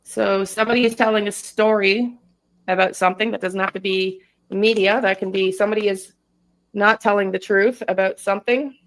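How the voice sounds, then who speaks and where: Flat-voiced woman reading tarot live. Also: medium pitch, low-quality recording. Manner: hesitant, halting, self-interrupting. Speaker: tarot reader and channel host. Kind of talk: live-stream tarot reading, casual chat.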